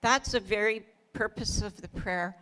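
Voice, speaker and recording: A woman's voice: medium pitch, a little slow, bright, forceful tone. A middle-aged woman co-hosting a casual ministry talk, telling her story with earnest feeling, often laughing and quoting her own prayers. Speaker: pastor's wife, co-host.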